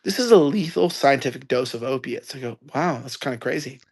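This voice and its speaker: A young man in his twenties telling a story loudly, ranting and acting out quoted lines. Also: medium pitch, lively intonation, brisk, husky. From United States. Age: 20s. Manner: loud, ranting, acts out quotes. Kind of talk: animated storytelling.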